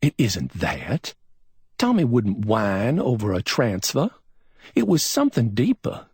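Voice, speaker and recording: A man's voice: medium pitch, wildly swooping pitch, a little slow, darkish tone, slightly rough, no room sound, studio quality, voice pushed up, heavily acted. A man voicing a worried young woman who asks anxious, rising questions in a crime audiobook.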